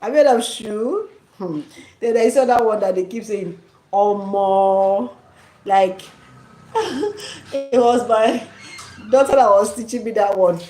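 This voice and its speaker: A woman's voice: a little high, unhurried, dark tone, roomy sound, rough recording. A Nigerian woman vlogger chatting casually, laughing often and dropping into Pidgin slang. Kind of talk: casual chat.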